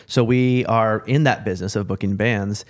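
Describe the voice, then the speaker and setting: A man co-hosting a podcast in casual chat, talking excitedly and rambling, with casual swearing. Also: lowish voice, normal speed. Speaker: podcast co-host.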